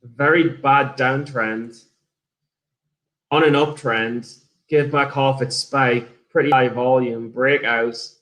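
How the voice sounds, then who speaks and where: An English man chats casually on a livestream, going over his trades and answering viewers. His speech rambles, with frequent swearing and sentences he starts over. His voice sits at an ordinary middle pitch. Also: fairly even intonation, slow, a bit bright. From England. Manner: rambling, swears freely, restarts often. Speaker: day trader streamer. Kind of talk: casual livestream chat reviewing trades and reading viewer messages.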